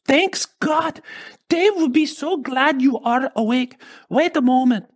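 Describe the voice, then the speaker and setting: Guy doing a hurried foreign-accented nurse lady, voice jumped way up high, all flustered, audiobook. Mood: excited. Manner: excited, hurried.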